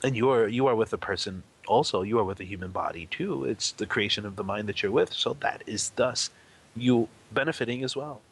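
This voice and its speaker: Man telling parables in a low voice. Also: a little fast, breathy edge. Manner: rambling storyteller, animated quoted voices. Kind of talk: casual spoken teaching.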